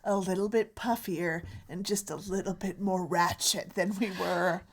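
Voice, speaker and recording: A woman's voice: fairly low pitch, fairly even intonation, a little slow. A woman co-hosting a comedy podcast, chatting playfully and laughing often. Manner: giggly, playful, slips into silly accents. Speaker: podcast co-host. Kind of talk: casual comedy chat.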